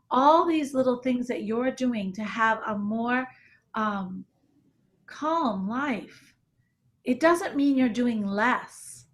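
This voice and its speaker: Woman hosting a group chat, slow and chatty, tells stories and laughs a lot. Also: fairly high pitch. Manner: animated storytelling with laughs. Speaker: discussion group leader. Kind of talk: casual group discussion.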